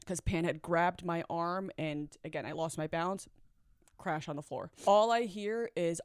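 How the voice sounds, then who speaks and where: A woman with a fairly low voice shares her own story in an unhurried, candid, reflective way, laughing nervously at moments. The studio-quality recording has a clean tone and no echo, fitting her confessional storytelling.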